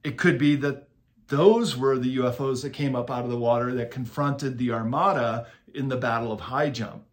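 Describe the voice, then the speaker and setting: A man as a podcast guest, telling a long story with lively emphasis and short acted-out quotes. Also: mid-range voice, moderate pace. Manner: animated storyteller, acts out quotes with bursts of emphasis. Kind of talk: storytelling interview talk.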